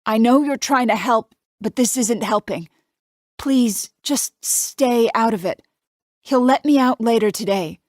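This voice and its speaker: A woman voicing a frightened young wife held captive, who pleads in a strained, high tone in an audiobook. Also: unhurried, darkish tone, dry recording, clean studio sound, close to an everyday voice. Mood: pleading.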